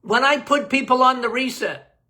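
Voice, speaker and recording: A man's voice: very high-pitched, moderate pace, pushed and bright. A man, a doctor, answering health questions in a casual live Q&A, emphatic and folksy, often laughing.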